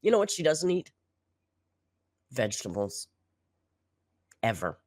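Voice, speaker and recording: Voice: medium pitch, big pitch swings, measured pace, a little mellow, no room sound, clean studio sound. A commentary host reacting to a food video, sarcastic, exasperated and blunt.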